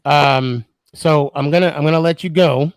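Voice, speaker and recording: A man's voice: on the high side, moderate pace, no echo. A man hosting a live podcast stream, chatting casually and laughing easily. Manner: laughs easily, friendly banter. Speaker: podcast host.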